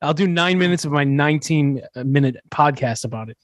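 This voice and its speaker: A man's voice: fairly high pitch, a little fast, no echo. A man hosting a podcast, explaining in a casual, chatty way with fillers and restarts. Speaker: podcast host.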